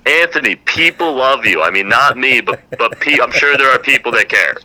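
Male guest, very bright tone, deadpan banter, radio-like audio. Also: mid-range voice, normal speed, low-quality recording. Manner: dry, deadpan joking. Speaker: podcast guest. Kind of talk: casual comedic banter.

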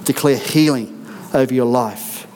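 In a church auditorium, a middle-aged senior pastor preaches a sermon with an unhurried, medium-pitched, slightly mellow voice. He's earnest and emphatic, repeating declarations.

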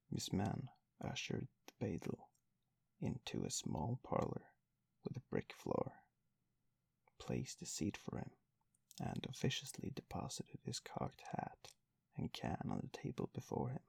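Man, novel narrator, measured ironic reading, very low voice, slow pace. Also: huge pitch swings, gravelly, a little mellow, slightly rough, no room sound. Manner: measured, wryly ironic storytelling. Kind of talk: classic novel read aloud.

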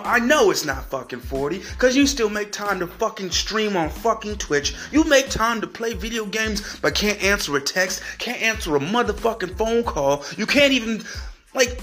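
A man's voice: sits high, pushed and bright. A young man ranting angrily at his friends, swearing constantly, stumbling over repeated words and mocking them in a whiny voice. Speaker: podcast host. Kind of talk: profane solo rant.

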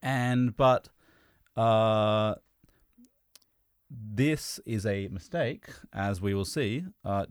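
A man's voice: fairly low pitch, extremely slow, long pauses, smooth, no room sound, clean studio sound. A man hosting a podcast in casual chat, rambling with restarts. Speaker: podcast host.

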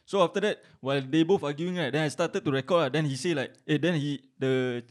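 A young Singaporean man talks fast in relaxed podcast chat, teasing and swearing casually as he tells the story. His voice sits slightly high. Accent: Singaporean English. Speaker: podcast co-host.

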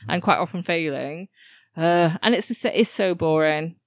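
A woman's voice: fairly low pitch, normal speed, dry recording, clean studio sound. A woman, co-hosting a podcast in a casual, chatty way and laughing often. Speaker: podcast co-host. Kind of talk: casual chat.

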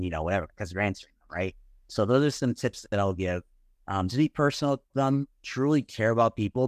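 Male co-host, lower voice, sincere, encouraging, casual, dry sound. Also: dry recording. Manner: earnest, conversational, encouraging. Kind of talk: casual faith discussion from a live stream.

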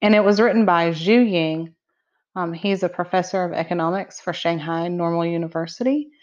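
A woman's voice: lowish voice, moderate pace, darkish tone. A middle-aged woman co-hosting a podcast, chatting casually and laughing easily. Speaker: podcast co-host. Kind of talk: casual chat. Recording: dull lo-fi sound.

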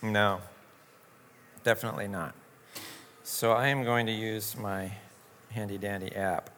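Bright-voiced man giving a chatty youth talk. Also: on the low side, fairly even intonation, measured pace, in a large hall, slight background noise. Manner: chatty, joking storyteller with playful quoted voices. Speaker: youth group leader.

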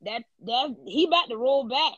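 A woman's voice: high voice, lively intonation, moderate pace, no room sound, lo-fi sound. A woman co-hosting a casual podcast chat, joking with preacher-like exclamations. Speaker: podcast co-host.

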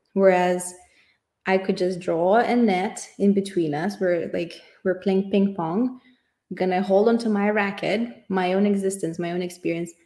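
A woman's voice: medium pitch, a little mellow. A woman speaking in an earnest, reflective personal monologue, thinking aloud as she goes. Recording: echoey room.

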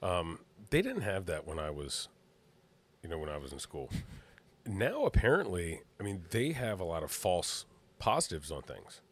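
Man, very low voice, lively pitch, podcast co-host, casual chat, relaxed storyteller. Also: breathy edge. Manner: relaxed storyteller, quick to laugh.

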